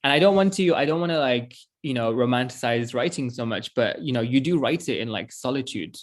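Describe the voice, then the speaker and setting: A man's voice: mid-range voice, expressive, fairly quick. A man in his twenties, an author, talking earnestly in a casual interview over a video call, often laughing and restarting his sentences. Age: 20s.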